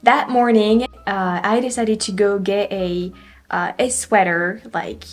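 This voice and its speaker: Young French woman, travel vlogger, accented English, chatty and giggly, lots of fillers, mid-pitched. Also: steady tone, slow pace, faint music behind. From France. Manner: chatty, laughs often, many fillers and restarts. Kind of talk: casual chat to camera.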